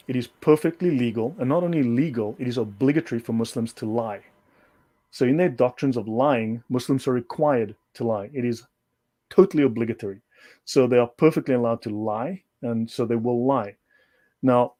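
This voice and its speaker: A man's voice: medium pitch, mellow. A man speaking as a guest on a livestream, lecturing in an emphatic way and repeating his points. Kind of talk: livestream discussion.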